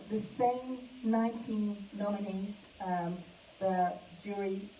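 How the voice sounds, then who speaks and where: A woman hosting a live awards ceremony. She speaks haltingly, with many fillers and restarts. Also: mid-range voice, dark tone, slight background noise. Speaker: awards host. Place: event hall. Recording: echoey hall, mic from a distance.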